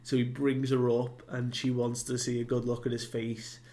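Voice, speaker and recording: A man's voice: mid-range voice, completely flat delivery, normal speed, warm tone. A man giving a casual recap of a comic chapter, retelling it loosely with many fillers and asides. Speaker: manga reviewer.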